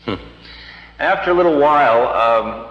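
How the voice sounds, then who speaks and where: A man's voice: mid-range voice, animated, a little slow. A man giving a lecture, telling a story from his own life in a wry, conversational, self-mocking way. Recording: roomy hall, dull lo-fi archive tape.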